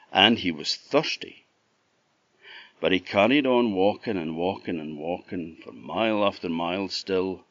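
A man from Orkney with an Orkney Scottish accent telling a folk tale in a relaxed, lilting, expressive way. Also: sits low, no room sound, highs cut off. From Orkney Islands. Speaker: storyteller. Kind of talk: oral folk storytelling.

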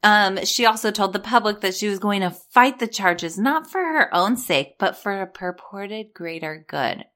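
A woman's voice: medium pitch, expressive, moderate pace, few pauses, a bit bright. A woman commenting casually on a court case, blunt and sarcastic, swearing freely as she reacts. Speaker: reality TV commentator. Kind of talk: casual commentary, reading court documents aloud.

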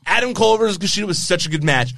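A high-voiced man hosting a casual podcast chat. He gets excitable fast, laughs a lot and acts out what others said. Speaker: wrestling podcast host.

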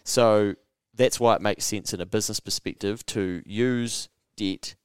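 Smooth-voiced New man telling a story. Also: on the low side, unhurried, no room sound, studio quality. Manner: animated, swears freely, acts out quotes. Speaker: podcast host. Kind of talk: casual chat, storytelling.

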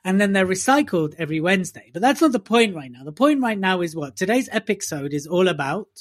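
A man's voice: sits high, sing-song, quick pace. A man co-hosting a podcast in casual, teasing banter. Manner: teasing, joking. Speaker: podcast co-host.

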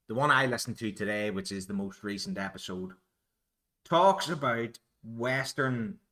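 A man's voice: medium pitch, pushed and bright. A Northern Irish man hosting a solo podcast, musing in a rambling, digressive, self-deprecating way. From Northern Ireland. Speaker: podcast host.

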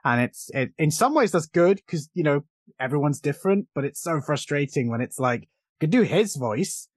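A British man hosting a podcast, talking casually about a film with quick asides and frequent laughs. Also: fairly high pitch, animated, no room sound. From Britain. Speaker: podcast host.

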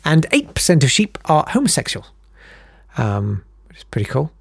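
A man's voice: on the high side, wildly swooping pitch, moderate pace, vocal fry, slightly rough, no echo, clean studio sound. A man hosting a comic monologue, rambling with sarcastic asides and frequent self-interruptions. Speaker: comedian host.

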